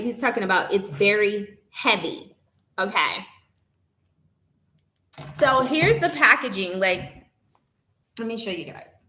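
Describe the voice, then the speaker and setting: A woman vlogger talking casually to her viewers, retelling a complaint with animated indignation. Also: a little high, echoey room, a little hiss or hum. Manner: animated, indignant retelling, reads chat aloud.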